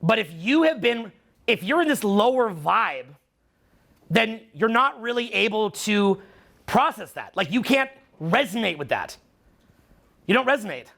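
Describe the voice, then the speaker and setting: Man, Canadian accent, middle-aged, seminar speaker, profane, teasing, bright, gravelly. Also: high voice, sing-song, unhurried. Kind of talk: live seminar talk.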